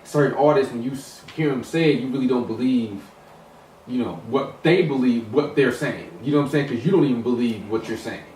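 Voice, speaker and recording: In a casual hip hop discussion, a man rambles with many restarts and fillers in a mid-range, slightly mellow voice at a fairly quick pace. The recording has a roomy echo, a distant mic and some noise.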